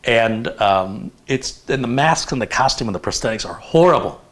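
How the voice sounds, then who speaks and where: A man in his fifties hosting a casual live chat, telling stories in an animated, rambling way with lots of fillers. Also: mid-range voice, moderate pace. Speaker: host.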